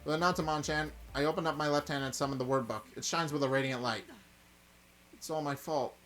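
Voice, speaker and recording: A man playing through a visual novel, reading the narration and reacting loudly. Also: a little high, quick pace, soft background music. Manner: excitable, loud surprised reactions. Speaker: let's play host.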